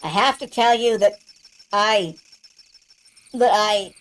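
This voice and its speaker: Woman doing a stubborn brash young guy, gruff and bouncy pitch. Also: animated, quick pace, a little mellow, lightly acted.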